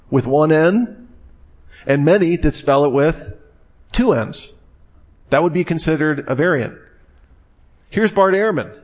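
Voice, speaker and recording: A middle-aged man giving a classroom lecture in a conversational way, with wry asides. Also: a little high. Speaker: teacher.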